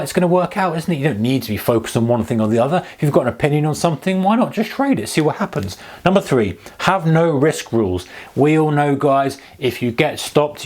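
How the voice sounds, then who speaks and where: A man's voice: on the high side, a little mellow. A man giving tongue-in-cheek trading advice to camera, with mock-enthusiastic, ironic urging. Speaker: trading educator.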